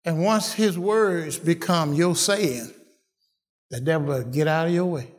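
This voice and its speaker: A man's voice: a little high, measured pace. A man preaching a sermon, emphatic and repetitive, calling out to his listeners. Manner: emphatic, repeats phrases, calls out to listeners.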